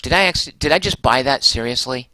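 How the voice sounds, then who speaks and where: A man's voice: mid-range voice, expressive, a little fast, bright, forceful tone, no room sound. A man streaming a game, chatting and muttering to himself, mildly exasperated with the controls. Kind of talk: casual game livestream commentary.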